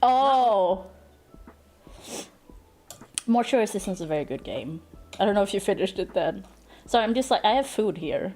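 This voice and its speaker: A woman streamer chatting casually at her home desk into a desk microphone, excitable, gushing thanks, laughing and swearing. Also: mid-range voice, normal speed, long pauses, soft background music. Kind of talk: casual live-stream chat.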